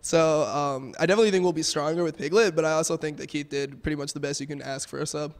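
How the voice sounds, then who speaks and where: A young man answers post-match questions in a rapid, casual stream, peppered with "um" and "like". His voice sits slightly high for a man. A long reverb trails behind him, as in a large event hall. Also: steady tone. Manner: fast, casual, filler-heavy. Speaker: pro gamer.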